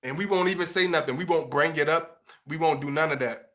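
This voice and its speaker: Young guy ranting straight at the camera, bright tense voice, kinda high for a man, keeps tripping over his words. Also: quick pace. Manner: blunt, passionate, repeats words while pushing his point. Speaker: vlogger giving relationship advice. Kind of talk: casual monologue to camera.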